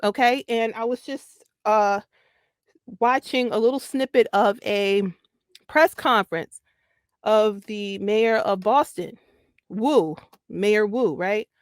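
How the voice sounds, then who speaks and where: A woman's voice: medium pitch, slow pace, no echo, studio quality. A woman guest giving casual, emphatic commentary on a talk show. She repeats her points for stress and laughs easily. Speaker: podcast guest.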